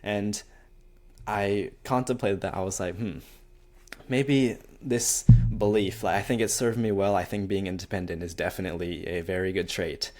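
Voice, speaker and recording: Low-voiced young man, rambling self-help vlog. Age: young adult. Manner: rambling and animated, acts out quoted exchanges with lots of "like". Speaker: college student vlogger. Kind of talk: casual self-help talk to camera.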